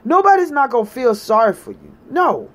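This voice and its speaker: Emphatic woman ranting, high lively voice. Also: normal speed. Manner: emphatic, sarcastic, repeats herself for effect. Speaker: vlogger. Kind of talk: impassioned political rant.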